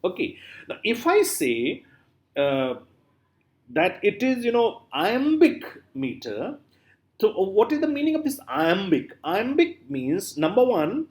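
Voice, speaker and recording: A man's voice: high voice, very animated, slow pace, darkish tone. A man giving a classroom lecture, repeating example words aloud with strong stress and often saying "you know" and "uh". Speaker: literature lecturer.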